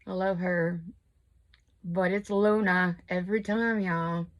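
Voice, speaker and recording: Speaking slowly in a lowish voice with a steady tone, a woman in her fifties chats and rambles as she does her makeup at home. She's a crochet and makeup vlogger, chatty and self-deprecating.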